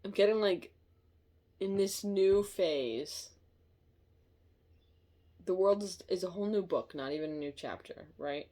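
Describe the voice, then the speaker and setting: Low-voiced chatty woman reading tarot. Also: dark tone. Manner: chatty, thinking aloud, quick to laugh. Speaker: tarot reader.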